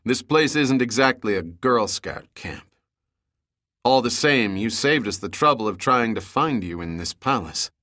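A man reading an audiobook, voicing a cool male adventurer hero who speaks low, cold and clipped. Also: animated, a little slow, pushed and bright.

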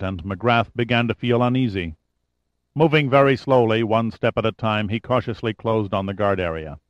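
Male thriller narrator, low voice, measured, dry and dull studio sound. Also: no echo. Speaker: audiobook narrator.

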